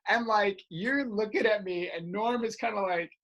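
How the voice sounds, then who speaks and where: A woman's voice: medium pitch, moderate pace, a little hiss or hum, rough recording. A woman hosting a podcast, telling a story in a casual chat and acting out the lines people said. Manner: animated, acts out quoted lines. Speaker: podcast host.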